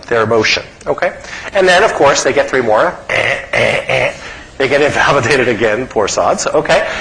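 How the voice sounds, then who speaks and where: Animated man lecturing, checking in often. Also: fairly high pitch, low-quality recording. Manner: animated, frequent "okay?" check-ins. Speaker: psychology professor lecturing.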